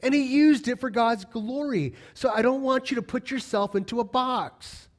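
A middle-aged man preaching a sermon as pastor, animated and storytelling, with emphatic repetition. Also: very high voice, normal speed.

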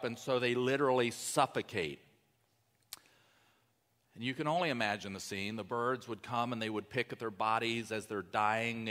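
Male pastor, bright forward tone, conversational sermon in a hall with a long echo. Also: medium pitch. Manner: conversational, emphatic preaching with asides.

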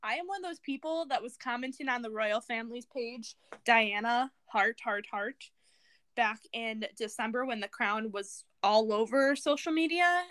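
Blunt, opinionated young podcast co-host with a Southern accent; high, bright tone. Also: female voice, moderate pace, clean tone, no echo. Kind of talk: casual chat.

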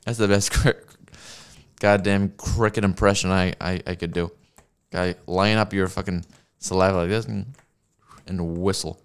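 A man's voice: low-pitched, steady tone, moderate pace, pauses often, clear, resonant tone. A man ranting on a stream as he reacts to videos, swearing often and laughing at his own jokes, into a desk microphone. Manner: profane, sarcastic rant with laughs. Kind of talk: ranting commentary while watching videos. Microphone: streaming mic at a desk with a mixer.

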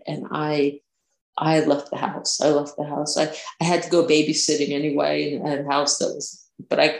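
A woman's voice: low voice, gravelly. A woman guest recounting personal experiences, hesitant, with many restarts and fillers. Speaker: interview guest. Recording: roomy echo.

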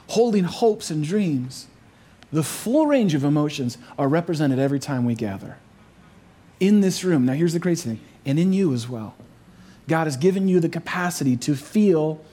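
Man, pastor, high voice, earnest sermon, emphatic, slow drawn-out phrases. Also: dark tone. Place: church overflow room.

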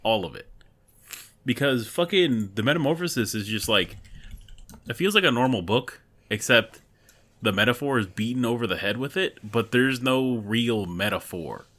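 A man's voice: medium pitch, expressive, normal speed, fairly bright tone. A young man in casual chat, blunt and swearing often.

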